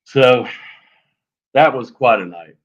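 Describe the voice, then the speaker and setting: A man telling a story on a live show in a lively, animated way, acting out sounds as he goes. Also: mid-range voice, slow, slightly rough, highs cut off. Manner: animated, lively retelling with fillers and sound effects. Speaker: guest telling an encounter story.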